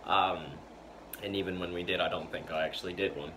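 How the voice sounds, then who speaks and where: Teen boy, unscripted vlog, low and unhurried, fumbling with fillers, audible background noise. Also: level tone. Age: teens. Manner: hesitant, many fillers and restarts. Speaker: fan channel member. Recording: noisy home recording.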